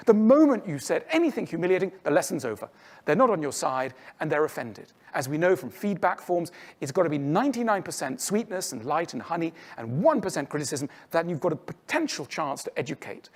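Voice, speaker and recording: A man giving a lecture to an audience, explaining earnestly and acting out other people's voices. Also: a little high. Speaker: public speaker.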